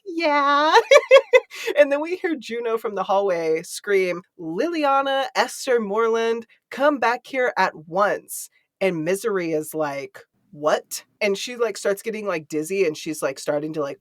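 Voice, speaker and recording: A woman's voice: on the low side, no echo, studio quality. A young woman co-hosting a casual book club chat, recapping a novel and acting out the characters' lines with frequent laughter. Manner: animated, laughs often, acts out characters' lines. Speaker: book club podcast co-host.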